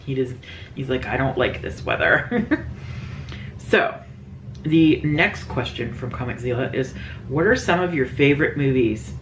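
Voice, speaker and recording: A woman's voice: a bass voice, measured pace, long pauses, slight background noise. A woman beauty vlogger answering viewer questions in a casual, rambling chat full of fillers.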